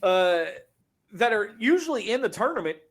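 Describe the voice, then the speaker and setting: A man from Arkansas hosting a sports podcast, talking loud and brash with excitable banter. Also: high voice, normal speed. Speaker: podcast host.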